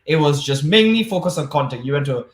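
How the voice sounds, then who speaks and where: A man's voice: on the high side, expressive, fast, echoey room. A man giving a casual, jokey tech talk over a video call. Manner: chatty, jokey, upbeat. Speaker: conference speaker.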